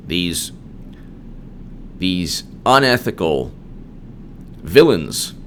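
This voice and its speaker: With a fairly low-pitched voice, a man delivers a solo political commentary monologue, emphatic and prone to digressions, often restarting his sentences. Slight background noise can be heard.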